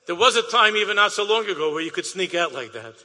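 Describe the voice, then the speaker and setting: A man telling an inspirational story with animated, sing-song emphasis and repeated phrases. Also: high-pitched, quick pace. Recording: long hall reverb.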